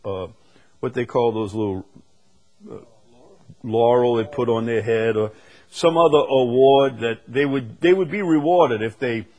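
A male preacher delivers a sermon at an unhurried, deliberate pace. His voice sits at an ordinary middle pitch. He stretches out scripture readings and rises sharply when he wants to stress a point. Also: darkish tone. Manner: slow deliberate delivery with sudden emphatic rises; reads scripture aloud in slow stretched phrases.

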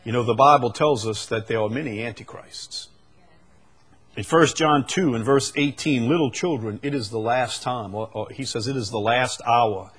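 A man preaching a sermon, dropping to quiet low asides and then rising into loud, drawn-out proclamations, repeating phrases for emphasis. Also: husky. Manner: repeats phrases for emphasis and reads scripture aloud.

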